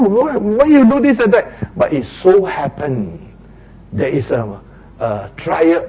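A man's voice: medium pitch, dark tone, breathy edge, low-quality recording. A man, preaching a sermon and acting out little street quarrels in raised voices.

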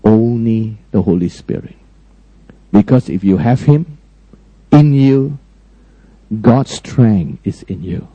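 A man preaching a sermon emphatically, often questioning his listeners and swinging between high, raised lines and low, quiet ones. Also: slow, pauses often, breathy edge, dry recording, muffled recording. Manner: frequent direct questions to the congregation.

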